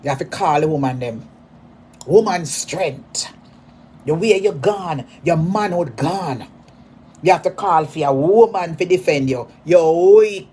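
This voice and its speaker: A Jamaican woman delivering a mocking, repetitive rant at a rival, hurling insults in sudden loud bursts. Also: sits low, lively intonation, unhurried, slightly rough. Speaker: social media personality.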